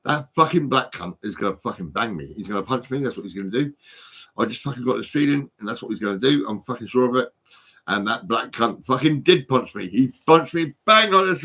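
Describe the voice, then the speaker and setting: Man, phone vlog rant; repetitive, profane, agitated; bright, slightly husky tone. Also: mid-range voice. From United Kingdom. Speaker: vlogger. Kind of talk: rambling angry monologue.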